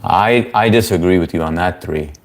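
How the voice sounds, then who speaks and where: Young male livestream host, low voice, loose and chatty, reads chat aloud. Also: normal speed. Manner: relaxed, chatty, reads viewer comments aloud. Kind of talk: casual live-stream Q&A.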